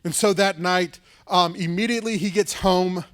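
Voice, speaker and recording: A male pastor retelling a story in a sermon, casual and lively, with frequent "like" and "right". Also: high voice, moderate pace.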